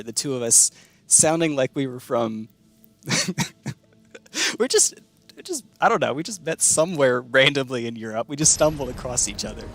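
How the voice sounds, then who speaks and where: A man's voice: medium pitch, fairly bright tone, no echo. A young man from the United States chatting casually with his stream chat while playing a card game, rambling and laughing often.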